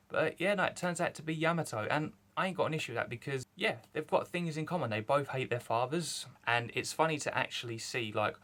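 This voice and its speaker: A young man, reviewing a manga chapter in rambling, excited casual chat. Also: medium pitch, fast talker, few pauses. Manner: rambling, excited, lots of fillers.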